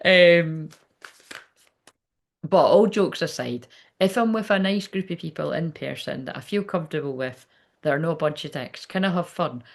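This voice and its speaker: Gravelly chatty woman medium. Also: low voice, lively intonation, moderate pace. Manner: chatty, rambling, laughs often, swears freely. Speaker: psychic medium. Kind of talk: casual live reading chat.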